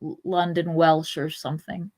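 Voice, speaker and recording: A woman's voice: sits low, level tone, moderate pace, darkish tone. Woman podcast co-host: reads prose aloud, then switches to chatty banter with laughs and casual swearing. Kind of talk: reading aloud and casual chat.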